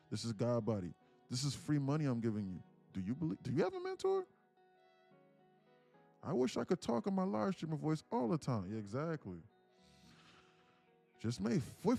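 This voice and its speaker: A man hosts a live trading stream in a lively voice that leaps up and down in pitch. He talks in slangy street style, preaching and firing rhetorical questions at his viewers. Faint music runs behind him. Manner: slangy, casual street talk. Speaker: day trading livestream host.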